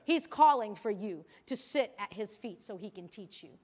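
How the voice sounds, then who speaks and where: A woman's voice: medium pitch, expressive, normal speed, darkish tone. A middle-aged woman pastor preaching a sermon, emphatic and repetitive as she urges her listeners.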